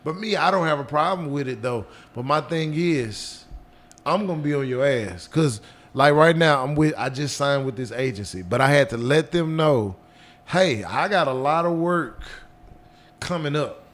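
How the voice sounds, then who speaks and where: A man with a deep voice, chatting casually as a guest and repeating words as he rambles. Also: lively intonation, moderate pace, fairly bright tone. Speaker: guest actor and comedian. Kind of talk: casual chat.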